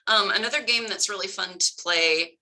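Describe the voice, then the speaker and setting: A woman's voice: mid-range voice, normal speed, sharp tone, a little hiss or hum, low-quality recording. A woman explaining phonics patiently, step by step, with examples for tutors. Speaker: tutor trainer. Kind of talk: instructional talk.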